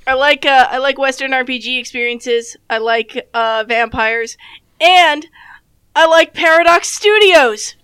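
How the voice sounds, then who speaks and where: A woman with a high, bright voice and very crisp clarity chats about games on a podcast. She hesitates often and fills gaps with "uh," with a wry tone. The sound is dry and close. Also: unhurried, no echo. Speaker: podcast co-host. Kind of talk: casual gaming chat.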